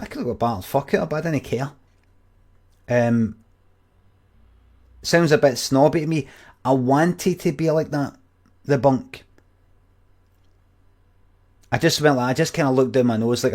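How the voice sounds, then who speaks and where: A middle-aged Scottish man rambles through a story to his stream, swearing freely and restarting his sentences. His pitch sits at an ordinary middle height, and his manner is plain and blunt. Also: normal speed, long pauses, a little mellow. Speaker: streamer telling stories. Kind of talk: casual rambling anecdote.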